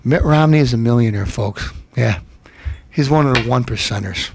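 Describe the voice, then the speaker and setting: A man's voice: mid-range voice, normal speed, slight background noise. A man hosting a TV comedy show, delivering a brash, mocking insult rant and laughing at his own jokes. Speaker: TV show host.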